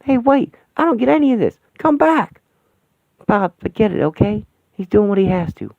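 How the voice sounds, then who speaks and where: A man's voice: sits high, fairly even intonation, fairly quick, vocal fry, no echo, pitched above the performer's own voice. A man voicing a brash, blunt, sarcastic older woman in a radio play. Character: brash loud-mouthed older woman companion. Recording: thin phone-like, dry sound.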